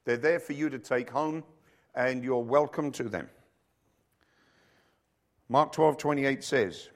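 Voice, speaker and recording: A middle-aged male pastor preaching a sermon, reading scripture and telling jokey stories with loud acted quotes. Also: medium pitch, slow, pauses often. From rugby-playing country, emigrated to Africa.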